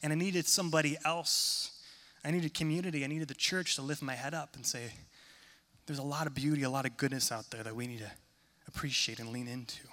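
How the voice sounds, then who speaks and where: A man preaching a sermon in a church hall, conversational and self-deprecating, turning animated when he tells stories. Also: a little high, a little fast. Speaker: pastor. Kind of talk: sermon with humorous storytelling. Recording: long reverb of a large hall.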